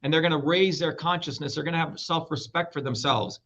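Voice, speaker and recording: Man, middle-aged, combative interview guest, swears freely, bright forceful voice, muffled lo-fi audio. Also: fairly high pitch, fairly quick. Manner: blunt, profane, combative. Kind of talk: heated interview talk. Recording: dull lo-fi sound.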